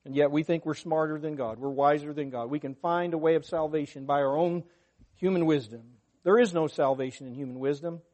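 A man's voice: on the high side, steady tone, a little fast, a little mellow. A man preaching a sermon to his congregation, earnest and emphatic, rising in force when he quotes scripture. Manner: unscripted, talks to the congregation.

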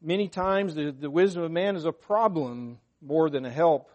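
A man's voice: a little high, normal speed, a little mellow. A man preaching a sermon to his congregation, earnest and emphatic, rising in force when he quotes scripture. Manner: unscripted, talks to the congregation.

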